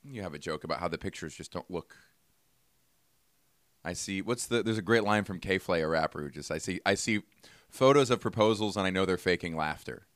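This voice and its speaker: This man has a fairly low voice and chats casually as a podcast co-host. He tells a long rambling story and acts out both sides of it. The sound is dry and close, with no room around it. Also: brisk, a bit bright, dry recording. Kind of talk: casual chat.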